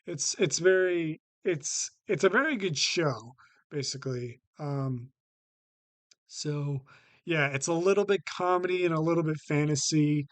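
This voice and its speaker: A man hosting his own vlog, talking unscripted and haltingly about his favourite TV shows, with lots of restarts and a habit of saying "basically". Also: on the high side, no echo. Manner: halting, many fillers and restarts, repeats "basically". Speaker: vlog host ranking TV shows. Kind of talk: casual unscripted talk to camera.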